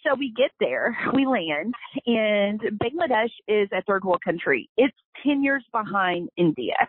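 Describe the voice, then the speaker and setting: Speaking over a tinny, dry phone line, a company founder shares her story as an interview guest, earnest and emotional in a casual storytelling format. Her medium-pitched voice is slightly rough and has lively intonation, her pace is a little slow, and there's no echo.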